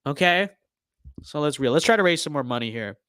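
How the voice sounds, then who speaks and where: A man's voice: on the high side, expressive, a little fast, fairly bright tone, smooth, no echo, clean studio sound. A young man giving casual gameplay commentary on a stream, full of ironic mock-political bluster and repeated catchphrases.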